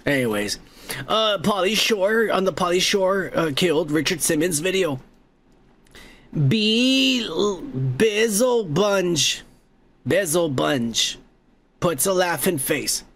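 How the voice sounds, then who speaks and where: A middle-aged man hosting a podcast, reading viewer comments in a profane, joking way and loudly toasting viewers. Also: high voice, very animated, unhurried, slight background noise. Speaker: podcast host. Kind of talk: casual comment-reading chat.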